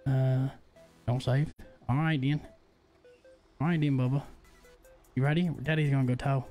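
Over soft background music, a young man streams a game and jokes around with both his audience and his infant son. His voice is mid-pitched, steady and a touch mellow, moving at a normal pace in easygoing livestream talk.

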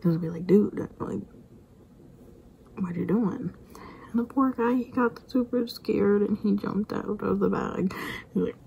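Woman, whispered vlog storyteller, gravelly, mellow tone, faint hiss behind. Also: mid-range voice, normal speed, poor audio. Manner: rambling, self-interrupting anecdote with repeated sound effects.

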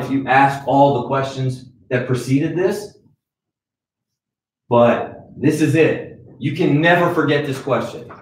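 A man's voice: mid-range voice, a little hiss or hum. A man lecturing a small group as a sales trainer, blunt and scolding in a motivational way. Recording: echoey room, voice from far off.

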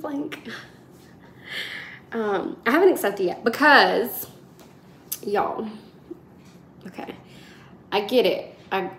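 A woman in her twenties, a nursing student, telling her viewers a story in a chatty, animated way. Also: medium pitch, a little hiss or hum. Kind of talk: casual vlog storytelling. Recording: roomy echo.

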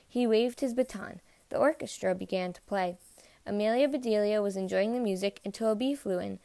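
Picture-book narrator, woman, mid pitch, dry close sound. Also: fairly quick, gravelly, dark tone, dry recording. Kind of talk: storybook read-aloud.

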